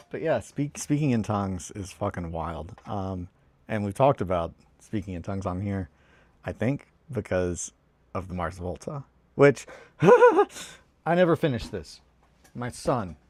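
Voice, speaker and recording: A man's voice: lowish voice, a little slow, no echo. A young man from England with a southern English accent, chatting casually on a hobby live stream as a rambling, swearing storyteller. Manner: rambling, profane, animated storyteller.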